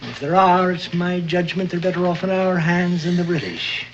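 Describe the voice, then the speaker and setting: An actor playing a crafty, jovial older sea captain who talks like a salty sailor. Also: male voice, high-pitched, normal speed, dull audio, a little hiss or hum. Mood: conspiratorial. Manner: salty sailor talk, boisterous and cajoling.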